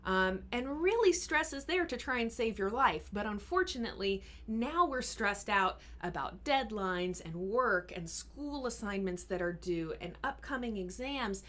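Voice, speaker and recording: A woman health coach talks viewers through a live question-and-answer session. Her voice sits in a plain middle range, and her delivery is earnest and encouraging as she walks through each point. At times she slows right down and speaks softly to show what calm talk sounds like. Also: medium pitch. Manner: earnest and encouraging, explains step by step; sometimes drops to a slow, soft voice to model calm speaking.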